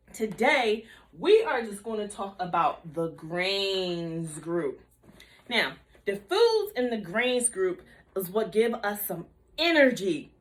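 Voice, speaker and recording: High, slow-talking woman teaching small kids. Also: a bit bright. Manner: slow, bouncy teacher voice, drawing out repeated words. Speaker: nutrition educator for young children. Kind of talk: kindergarten video lesson with call-and-response.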